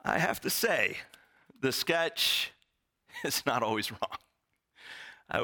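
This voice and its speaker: A man's voice: mid-range voice, bright, forceful tone. Church pastor guy preaching, takes his time, wry jokes. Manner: storytelling with wry humor. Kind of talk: sermon.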